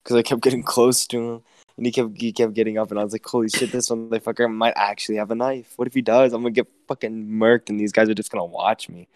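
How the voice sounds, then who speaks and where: A man's voice: lowish voice, quick pace, no room sound. A young man co-hosting a casual podcast chat, telling stories animatedly, swearing often and acting out what people said. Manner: animated storyteller, swears a lot, quotes people in raised voices. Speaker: podcast co-host.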